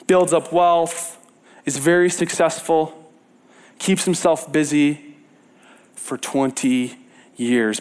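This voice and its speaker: A man preaching a casual sermon, retelling a Bible story with lively repetition and sudden drops from loud to hushed. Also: medium pitch. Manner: animated storyteller, repeats words for emphasis, swings between loud and hushed; casual and conversational, with fillers and self-corrections.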